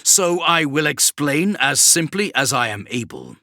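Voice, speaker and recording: A man voicing a towering male demon in an audiobook, speaking slowly and contemptuously. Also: fairly high pitch, very animated, sharp tone, dry recording, studio quality, pitched above the performer's own voice, exaggerated voice. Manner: slow, deliberate, contemptuous. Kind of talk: audiobook character reading.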